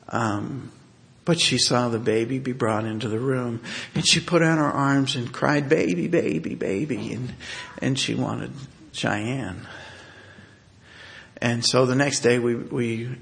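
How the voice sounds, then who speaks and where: Man, gravelly tone, halting personal storyteller who restarts often. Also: medium pitch, fairly bright tone. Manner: halting, with many fillers and restarts. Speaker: husband telling a family story.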